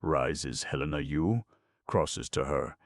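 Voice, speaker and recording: A man narrating an audiobook play, reading stage directions in a flat, matter-of-fact way. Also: rumbling low, slow pace, no echo, studio quality.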